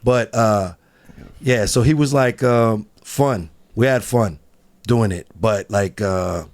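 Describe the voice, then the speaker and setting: Animated storytelling man on a podcast. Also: lowish voice, takes it slowly. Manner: animated, laughing, acts out quotes. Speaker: studio engineer guest.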